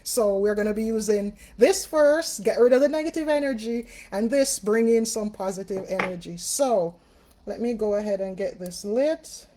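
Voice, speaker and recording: A woman's voice: mid-range voice, moderate pace, dark tone, slight background noise. A woman from Jamaica with a Jamaican accent, hosting a casual live-stream at home as a spiritual reader. She chats with her viewers and greets them by name. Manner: chatty, greets viewers by name, many fillers. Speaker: spiritual reader and livestream host.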